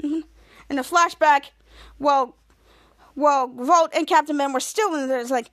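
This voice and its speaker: A woman's voice: high-pitched, moderate pace, fairly bright tone. A woman podcast host giving a casual, rambling recap of a TV episode, often restarting her sentences. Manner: rambling, restarts with many cuts.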